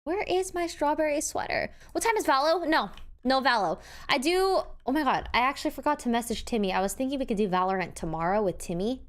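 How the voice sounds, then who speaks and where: A woman live streamer chatting casually, excitable and swinging between loud outbursts and quiet mumbles, grateful and playfully defensive. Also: fairly high pitch, quick pace, smooth. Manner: playfully defensive toward chat; warm and grateful, thanking people one after another.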